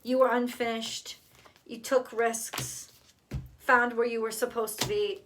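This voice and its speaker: A woman's voice: on the high side, flat delivery, unhurried, a bit bright, recorded from a distance, a little hiss or hum. A woman doing a tarot card reading, talking straight to the viewer, emotional and blunt, swearing freely. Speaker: tarot reader.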